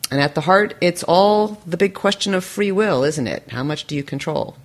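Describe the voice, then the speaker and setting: A woman's voice: on the low side, expressive, normal speed. Enthusiastic, playful woman hosting a podcast. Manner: enthusiastic and playful, laughs often. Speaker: podcast host. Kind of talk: podcast interview.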